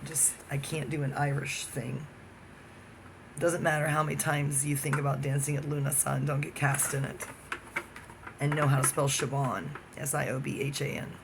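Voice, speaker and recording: A man's voice: fairly high pitch, little pitch movement, normal speed, creaky, background noise. A man talking alone to the camera in a rambling, profane monologue that jumps from topic to topic. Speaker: vlogger.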